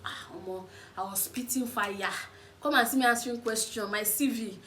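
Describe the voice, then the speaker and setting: Animated young Nigerian woman telling stories. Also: fairly high pitch, moderate pace. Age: 20s. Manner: animated, acts out the other people in her stories. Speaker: vlogger. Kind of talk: casual storytelling vlog. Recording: echoey room, faint background noise.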